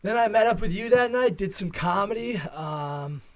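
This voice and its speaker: A man's voice: high-pitched, expressive, normal speed, a bit bright. A young man, a stand-up comedian co-hosting a podcast, telling a casual story with lots of swearing and fillers. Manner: rambling, profane, filler-heavy.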